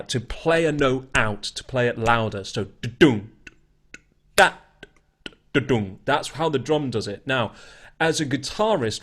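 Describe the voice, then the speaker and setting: A man teaching an online beginner guitar lesson in a chatty, explaining way. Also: mid-range voice. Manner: chatty, explains while scatting rhythms.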